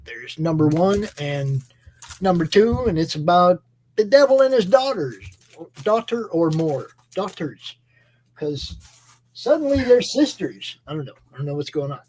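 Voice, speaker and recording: A man's voice: sits high, expressive, measured pace, darkish tone, a little hiss or hum, poor audio. A man hosting a casual chat, enthusiastic and rambling, with many fillers and restarts. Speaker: host. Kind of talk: casual chat about comic books.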